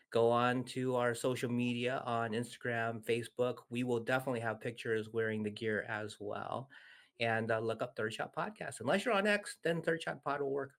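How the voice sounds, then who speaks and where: A man's voice: medium pitch, a bit bright. A man co-hosting a podcast, chatty and upbeat as he talks to listeners and brings on a guest. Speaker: podcast co-host.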